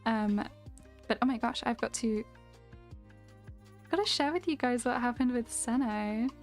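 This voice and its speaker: A woman streamer chatting slowly and casually, rambling through stories with many fillers and frequent giggles. Her voice sits a touch high, with faint lo-fi music in the background. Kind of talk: casual chat.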